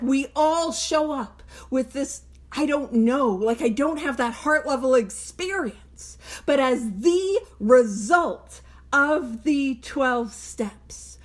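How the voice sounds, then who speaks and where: Woman, high voice, chatty study leader, self-mocking, wanders off on tangents. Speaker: Big Book study leader. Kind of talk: recovery study talk, reading and explaining text.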